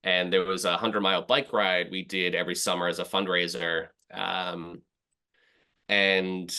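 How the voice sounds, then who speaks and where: A man's voice: low voice, pushed and bright. A middle-aged man from Boston, a podcast guest, telling a long self-deprecating story in casual talk. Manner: rambling, self-deprecating, acts out his past thoughts.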